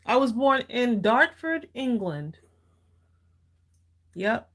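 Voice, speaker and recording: A woman's voice: fairly high pitch, sing-song, slow pace. A middle-aged woman co-hosting a live craft stream, chatting casually and upbeat while she demonstrates, laughing often.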